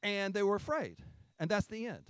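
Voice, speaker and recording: Chatty, high-voiced pastor preaching. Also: male voice, big pitch swings, normal speed, fairly bright tone, clean tone. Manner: folksy, chatty storytelling. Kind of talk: conversational Easter sermon.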